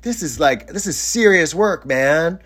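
A man acting out a furious cook yelling through gritted teeth. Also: sits high, expressive, rapid-fire, gravelly, breathy edge, pitched above the performer's own voice, heavily acted. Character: furious wiry male cook, shouting and seething.

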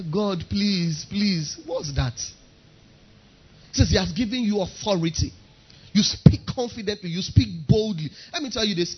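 A man's voice: high-pitched, slightly rough, dull audio. A man preaching a sermon, emphatic and driving his points home by repeating key phrases.

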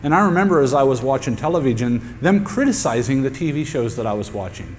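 A male pastor preaches a sermon to his congregation in a church sanctuary, his mid-range voice slightly mellow, with lively intonation. He talks fairly quickly with hardly any pauses, emphatically repeating key phrases for effect. The recording carries long hall reverb and a faint hum.

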